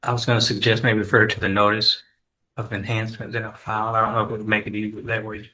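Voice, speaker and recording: A man serving as prosecutor, his voice bright and rather flat in pitch. He addresses the bench formally and deferentially, explaining the notices he filed. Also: quick pace, rough recording. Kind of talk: courtroom proceedings. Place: courtroom.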